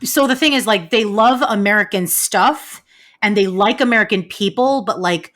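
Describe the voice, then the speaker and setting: A young adult woman, a guest on a podcast, chatting casually and swearing freely in quick bursts. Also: mid-range voice, a bit bright.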